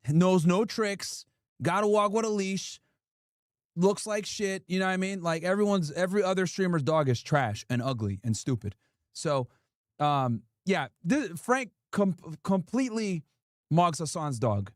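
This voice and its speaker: A man's voice: high voice, animated, unhurried, dry recording, clean studio sound. A man hosting a livestream in a casual, slangy style, teasing and playfully scolding in repeated bursts. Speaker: livestream host.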